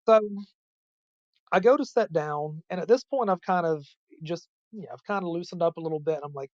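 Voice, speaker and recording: A man's voice: a little high, a little fast, darkish tone, no room sound. Rambling man telling a story, dull lo-fi sound. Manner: rambling, filler-heavy, many restarts and "I'm like" quotes. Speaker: podcast guest. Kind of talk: casual storytelling.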